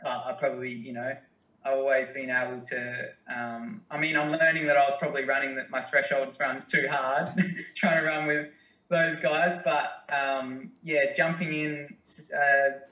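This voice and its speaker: A young Australian man answering interview questions in a hesitant, halting, self-deprecating way. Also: mid-range voice, flat delivery, bright, forceful tone, dull audio. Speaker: guest, distance runner. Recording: roomy, mic at a distance.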